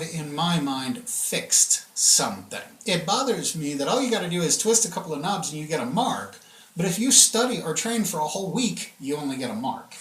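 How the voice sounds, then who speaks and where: A man working as game master, explaining rule changes in a relaxed, chatty way and checking in with his players. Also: a little high. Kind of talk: explaining rules and narrating a tabletop game. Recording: echoey room.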